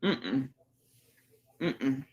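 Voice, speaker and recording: A woman's voice: very deep voice, animated, very slow, darkish tone, lo-fi sound. A woman hosting a casual livestream, reading viewer comments aloud with folksy exclamations and dropping to murmurs and whispers. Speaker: livestream host. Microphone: phone.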